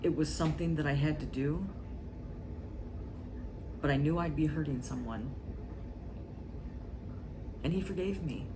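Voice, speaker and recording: A woman vlogger speaking in short, halting, earnest phrases in a confessional talk to camera. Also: low voice, background noise.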